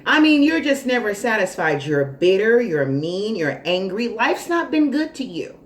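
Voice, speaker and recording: A woman vlogger telling a story in a casual monologue, animated, dramatic and sassy. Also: mid-range voice, normal speed. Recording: roomy echo, faint noise.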